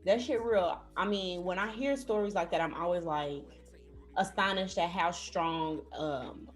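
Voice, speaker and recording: A woman's voice: lowish voice, unhurried, soft background music. A woman hosting a podcast, chatting casually and reacting emphatically to her guest. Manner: expressive, reacting with laughs and emphatic repeats. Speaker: podcast host. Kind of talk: casual chat.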